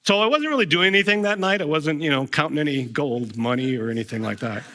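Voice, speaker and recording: A man's voice: fairly high pitch, expressive, fast, bright, forceful tone, a little hiss or hum. A middle-aged man preaching a sermon as a pastor, telling a personal story in a conversational way with frequent restarts.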